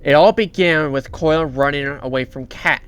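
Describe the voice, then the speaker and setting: A man hosting a reaction video, narrating a story recap in a halting way, often repeating himself and restarting. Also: a little high, smooth.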